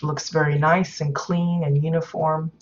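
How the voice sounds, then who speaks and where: A woman hosting a live stream, thinking aloud in a hesitant way and filling pauses with many ums and uhs. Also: sits low, little pitch movement, dull audio. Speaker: stream host showing player-built game housing.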